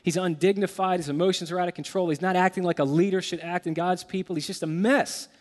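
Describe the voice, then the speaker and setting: A man preaching a sermon, talking with heartfelt emotion and frequent halting repetitions. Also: sits high, steady tone, darkish tone. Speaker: pastor. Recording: long hall reverb.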